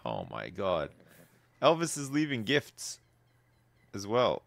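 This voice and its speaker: A man narrating his life-sim game in a casual, wry way, his pitch leaping high in amusement and dropping to low mutters. The sound is dry and close, with no room around it. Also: wildly swooping pitch, slow pace, gravelly, a bit bright, no room sound. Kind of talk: casual gameplay commentary.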